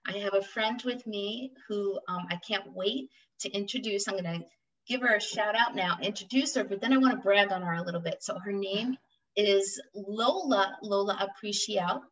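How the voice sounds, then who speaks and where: A woman's voice: medium pitch, fairly quick, a bit bright, distant mic, highs cut off. A woman hosting a podcast as a matchmaker, gushing and enthusiastic.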